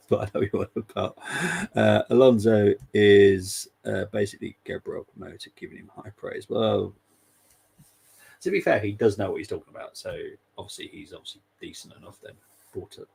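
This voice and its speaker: A man's voice: sits low, creaky, husky, rough recording. A man hosting a live football watchalong, chatting casually and wryly and laughing often. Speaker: fan channel host.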